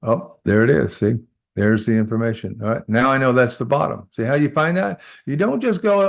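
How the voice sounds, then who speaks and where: A man's voice: mid-range voice, expressive, a little fast, vocal fry. A man teaching a live trading lesson, talking through charts aloud and often checking in with "all right?". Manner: repeats short phrases while working. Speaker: trading instructor.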